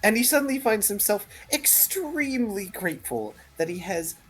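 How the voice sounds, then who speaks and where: A man calmly narrating what his character does in a tabletop game. His pitch moves a lot between phrases, with faint music behind him. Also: moderate pace. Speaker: player.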